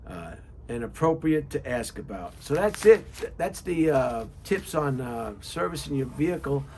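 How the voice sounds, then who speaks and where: A man's voice: medium pitch, sing-song, normal speed, warm tone, slight background noise. A man giving car service tips in a casual monologue, reading questions off a list and rambling with jokes and asides. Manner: rambling, repeats words, many fillers.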